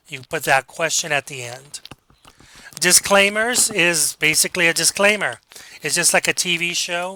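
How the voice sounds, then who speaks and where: A man's voice: a little high, pushed and bright. A man teaching a speech class in a direct, coaching manner, with rhetorical questions. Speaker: college speech instructor. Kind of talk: recorded class lecture.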